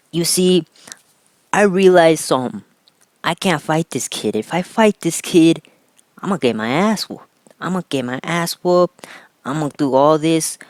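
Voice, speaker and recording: A man's voice: a little high, no room sound. A young man telling a rambling, casual story on a vlog, loose and profane, tacking "right?" onto nearly every phrase. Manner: loose and profane, with fillers and restarts. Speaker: vlogger.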